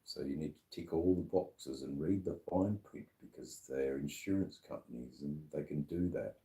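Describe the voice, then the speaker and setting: A drunk man hosts a live stream in a very deep, dark voice. He rambles and slurs, filling the gaps with ums and uhs. He sounds mellow and loose as he chats with his viewers. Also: moderate pace. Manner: rambling, slurred, with lots of fillers. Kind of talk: casual live-stream chat. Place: sitting at a bar.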